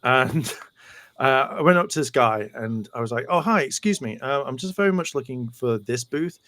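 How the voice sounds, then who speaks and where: A man's voice: medium pitch, moderate pace, dry recording. A British man co-hosting a podcast, telling casual anecdotes and doing voices for the people in them. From United Kingdom. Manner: animated storyteller doing voices. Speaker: podcast co-host. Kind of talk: casual storytelling.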